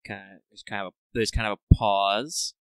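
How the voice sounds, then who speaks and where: A man's voice: on the low side, little pitch movement, normal speed, smooth, no echo. A young man running a tabletop game as game master, loose and joking, swearing freely.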